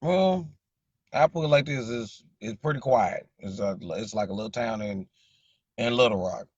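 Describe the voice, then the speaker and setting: A man's voice: fairly low pitch, moderate pace, breathy edge, no echo, highs cut off. A man with a Southern accent from Arkansas, rambling in a casual live chat with viewers and repeating "you know what I'm saying". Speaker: livestream host chatting with viewers.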